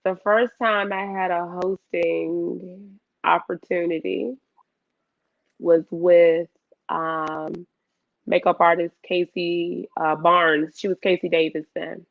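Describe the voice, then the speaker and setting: A woman guest in a casual chat, telling an animated story and acting out her own past lines. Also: on the low side, slow, creaky, no room sound, narrow, tinny audio.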